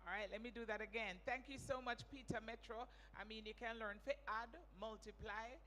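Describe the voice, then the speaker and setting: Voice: mid-range voice, steady tone, brisk, sharp tone. A telethon host, presenting live, reading out pledge numbers and urging viewers to give. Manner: upbeat, reads pledge numbers and appeals to give. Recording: reverberant hall with faint hum.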